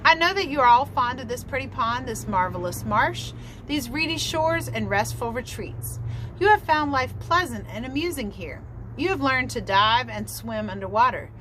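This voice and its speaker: A woman's voice: a little high, expressive, fairly bright tone, slight background noise, poor audio. Woman voicing a stately father swan. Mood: solemn. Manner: solemn, measured, lecturing. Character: stately father swan, grown male, long-winded.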